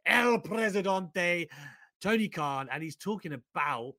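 Lively, bright-voiced man hosting. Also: high-pitched, measured pace, no echo, studio quality. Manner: loud, jokey, laughing, swings between shouting and muttering. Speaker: co-host of a wrestling news show. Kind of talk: energetic casual banter.

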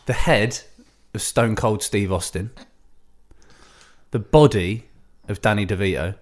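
A man's voice: fairly low pitch, unhurried. A man co-hosting a casual comedy podcast, telling stories, laughing often and acting out other people's lines. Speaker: podcast co-host.

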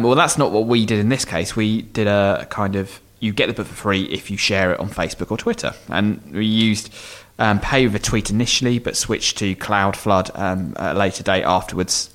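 His voice is fairly low with a fairly bright tone as he co-hosts a podcast. He rambles through explanations of listener questions, restarting often and filling gaps with ums.

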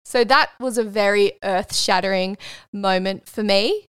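A woman in her twenties with an Australian accent, hosting a podcast and telling a personal story in a frank, animated way, swearing freely. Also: mid-range voice, a little slow, clean tone, no echo, clean studio sound. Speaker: podcast host. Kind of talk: casual storytelling monologue.

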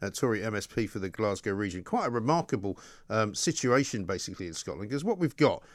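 A man's voice: on the low side, sing-song, fast, no room sound. A man hosting a talk radio show, speaking in a forthright, conversational way.

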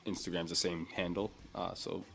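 A man's voice: low voice, level tone, moderate pace, creaky, fairly bright tone. A man with a Boston accent, a guest host on a podcast, in dry, teasing casual chat.

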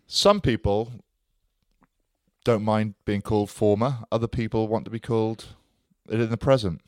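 Low-voiced man joking on a podcast. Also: moderate pace, no echo, studio quality. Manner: jokey, teasing. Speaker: podcast co-host. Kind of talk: casual banter.

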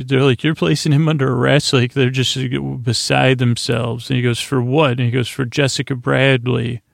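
A man's voice: mid-range voice, creaky, no echo, studio quality. A man hosting a sleep podcast, recapping a TV episode in a meandering, drowsy way and often losing his place. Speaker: podcast host.

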